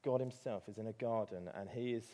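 A man's voice: lowish voice, brisk, mellow. A man with an English accent preaching a sermon, telling a story with animation and rising to emphatic peaks.

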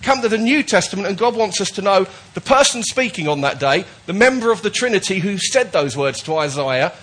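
Male pastor, sermon delivery, fairly high pitch, emphatic with frequent restarts. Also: big pitch swings, fairly quick, a bit bright, husky. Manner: emphatic, repetitive, with false starts.

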